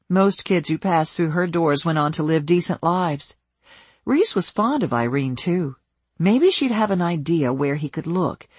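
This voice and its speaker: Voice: mid-range voice, slightly rough, dry recording. An audiobook narrator reading a suspense novel in scripted narration.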